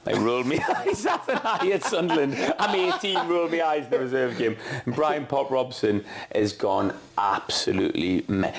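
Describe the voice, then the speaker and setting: A middle-aged man, a former footballer, telling a self-mocking story quickly on a casual podcast. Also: mid-range voice, animated, gravelly. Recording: noisy with clicks.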